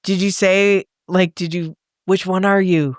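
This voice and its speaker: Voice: medium pitch, unhurried, clean tone, dry recording, studio quality. A co-host in casual podcast banter who often cuts in and swears for emphasis. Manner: animated, swears, jumps in over others. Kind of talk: casual chat.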